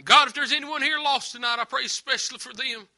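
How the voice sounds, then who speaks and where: A man's voice: extremely high pitch, steady tone, quick pace, bright, forceful tone. A man preaching and then praying in church, pleading and earnest, asking for tears over the lost. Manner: pleading, tearful fervent prayer. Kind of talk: emotional church prayer.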